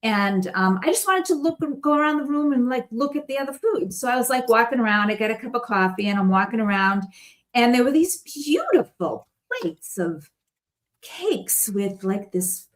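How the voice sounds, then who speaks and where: Woman guest chatting away, higher pitched, lots of little laughs. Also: animated, moderate pace. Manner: chatty storytelling with frequent laughs. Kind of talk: casual conversation.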